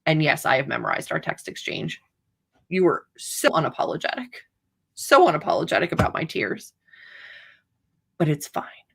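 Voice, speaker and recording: A woman's voice: sits low, big pitch swings, moderate pace, gravelly, long pauses, fairly bright tone, breathy edge. A woman author hosting a livestream, chatting casually in a rambling, playfully dramatic way. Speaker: author hosting writing sprints.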